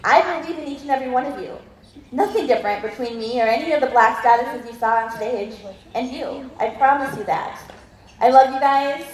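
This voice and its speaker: High-voiced effusive woman on stage. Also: brisk, recorded from a distance. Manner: effusive, gushing. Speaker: keynote speaker. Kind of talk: motivational stage talk. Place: large event hall, on stage. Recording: echoey hall from afar with crowd.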